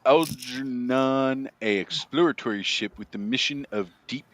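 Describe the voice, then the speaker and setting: A man's voice: medium pitch, measured pace, a bit bright, close to an everyday voice. A man putting on the voice of a fussy, pedantic comic shop nerd who corrects people.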